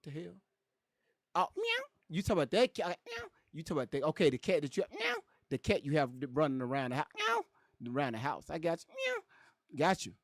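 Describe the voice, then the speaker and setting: Loud joking high-voiced man on stream. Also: rapid-fire, few pauses, no echo, studio quality. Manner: loud, joking, animated, repeats phrases. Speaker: livestream host reading chat. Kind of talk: casual livestream chat.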